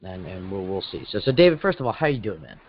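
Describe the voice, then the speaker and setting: A man's voice: sits low, very animated, fast, lo-fi sound, slight background noise. A man hosting a casual sports podcast, rambling and stumbling over his words in a jokey way. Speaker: host.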